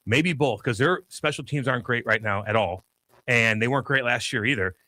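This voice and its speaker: A man's voice: mid-range voice, a little fast, sharp tone, dry recording. A man co-hosting a sports talk show, hesitating and thinking aloud before he reacts. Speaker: co-host.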